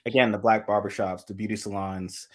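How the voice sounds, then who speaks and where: A man's voice: on the low side, brisk. A man co-hosting a casual political live chat, telling stories with acted-out quotes and laughing as he talks. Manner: animated storyteller, acts out quoted voices, laughs mid-sentence.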